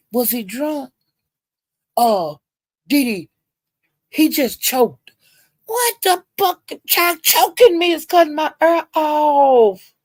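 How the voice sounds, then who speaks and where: A woman's voice: no echo, studio quality. Cussing, laughing woman streaming live. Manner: talks straight to chat viewers by name, laughs a lot, heavy cursing; swings between loud outbursts and low mutters. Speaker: livestream host. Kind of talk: casual livestream commentary.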